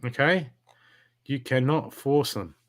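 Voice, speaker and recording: A man's voice: mid-range voice, slow pace, fairly bright tone. A man giving a live spiritual card reading, talking in an emphatic, repetitive coaching way. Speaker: intuitive card reader.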